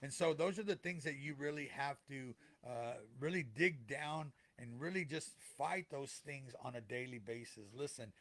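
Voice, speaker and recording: A man's voice: medium pitch, normal speed, hardly any pauses, a bit bright. A middle-aged man talking earnestly to listeners as a podcast co-host, repeating phrases for emphasis in a heartfelt motivational way.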